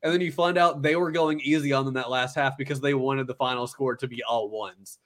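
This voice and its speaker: A man talking casually on a podcast, walking a friend through an anime story with plenty of "like" and "uh". He stumbles, restarts and corrects himself as he goes, at an ordinary mid pitch. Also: steady tone, a little fast, a bit bright. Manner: rambling retelling, filler-heavy, many restarts. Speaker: podcast co-host. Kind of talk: casual anime recap chat.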